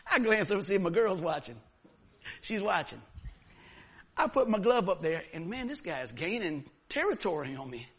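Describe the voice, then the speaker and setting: A man preaching a sermon, telling a story with lively, acted-out moments. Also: high-pitched, normal speed, breathy edge. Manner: animated storyteller, acts out scenes. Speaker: pastor.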